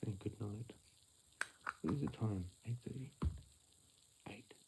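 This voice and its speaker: A man chatting casually on a livestream, mumbling and joking, with sudden loud bursts. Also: on the low side, takes it slowly, very noisy. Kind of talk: rambling casual livestream chat.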